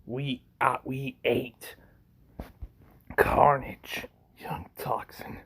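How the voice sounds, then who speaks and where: A man voicing an alien symbiote creature that speaks as a group, low and half-whispered. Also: fairly even intonation, very slow, fairly bright tone, slightly rough, full character voice. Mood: sly.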